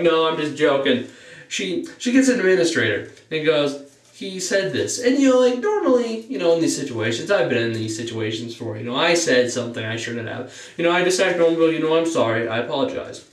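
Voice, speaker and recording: In an echoey room with the mic set far away, a teen vlogger tells the camera a story in a loose, rambling manner. He plugs every pause with "you know," sounds a bit stuffed up, and jumps higher in pitch at the exciting bits.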